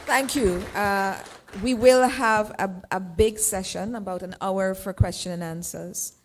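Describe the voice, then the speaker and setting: A woman's voice: medium pitch, unhurried, slight background noise. A woman moderating a panel, speaking with many fillers.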